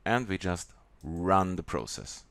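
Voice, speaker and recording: A man with a German accent walking through a software tutorial in a halting way, with many pauses and fillers. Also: low-pitched, big pitch swings, vocal fry, no echo. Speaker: software demonstrator.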